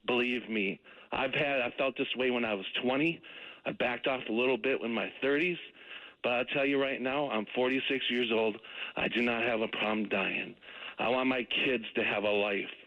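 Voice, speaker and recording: A man's voice: mid-range voice, steady tone, normal speed. A man in his forties from Wisconsin, calling in to a radio show and ranting with angry passion. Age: 40s. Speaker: caller. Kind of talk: call-in radio talk. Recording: muffled phone-in line.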